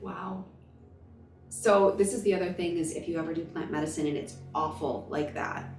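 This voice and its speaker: A woman's voice: deep voice, darkish tone, echoey room, recorded from a distance. A woman in her thirties, a spiritual vlogger, telling a personal story in an emotional, emphatic, gushing way.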